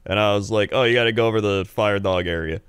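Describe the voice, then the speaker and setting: A man's voice: fairly low pitch, fast, fairly bright tone, smooth, no echo. Laid-back male podcast storyteller, dry sound. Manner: rambling, laughs often, acts out the people in his stories. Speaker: podcast co-host. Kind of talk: casual storytelling chat.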